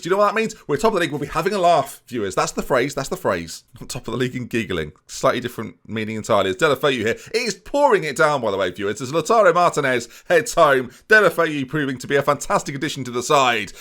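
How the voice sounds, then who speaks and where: Lively joking gaming commentator. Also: male voice, mid-range voice. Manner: playful, jokey, addresses viewers constantly. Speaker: gaming YouTuber. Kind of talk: let's play commentary.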